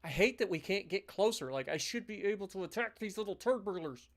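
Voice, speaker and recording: A man giving casual, animated live commentary as he plays a strategy game, ranting now and then in mock outrage. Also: high voice, a little fast. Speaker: gaming streamer.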